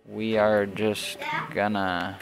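Male game host, deep and unhurried, deadpan and relaxed. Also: creaky, over music. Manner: laid-back, deadpan, chuckling. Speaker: gaming channel host. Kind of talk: casual gameplay commentary.

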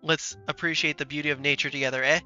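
A man's voice: fairly high pitch, flat delivery, fast talker, bright, forceful tone, dull audio, faint music behind. A man voicing a folksy Canadian lumberjack character in a game, with a Canadian accent and a hearty drawl full of "eh".

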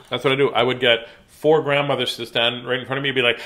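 A man hosting a children's book-reading livestream chats casually and playfully with viewers, his bright, forceful mid-range voice moving quickly with fairly even intonation and hardly a pause. Now and then he bursts into silly sing-song chants and mock announcer calls.

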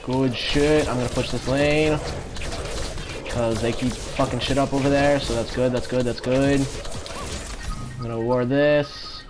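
A man giving live commentary on his own gameplay, excitable, swearing often and repeating phrases in quick bursts. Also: mid-range voice, music in the background. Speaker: gamer. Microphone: home setup without face cam.

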